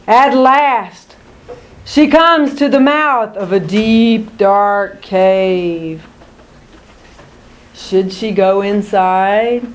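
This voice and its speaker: A woman narrating a children's picture book aloud in an expressive, deliberate way. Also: mid-range voice.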